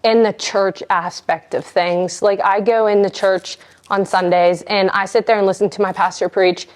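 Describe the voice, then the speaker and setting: Young woman guest, mid-pitched voice, easygoing earnest chat. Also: moderate pace. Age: young adult. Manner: relaxed, earnest, repeats phrases. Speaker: podcast guest. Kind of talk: casual chat.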